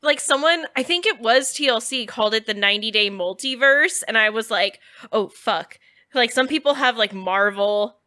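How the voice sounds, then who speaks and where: A woman's voice: fairly high pitch, normal speed, pushed and bright. A woman comedian guesting on a podcast, chatting in a playful, slangy and profane way. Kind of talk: casual comedic chat.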